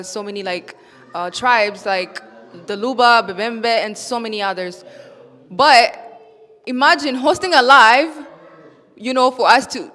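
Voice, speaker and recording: A woman's voice: fairly high pitch, a bit bright, in a large hall. A woman speaking as a guest on a panel discussion, earnest and mostly in English. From Congo. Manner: earnest, mixing English with Kinyarwanda. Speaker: panel guest, live panel host.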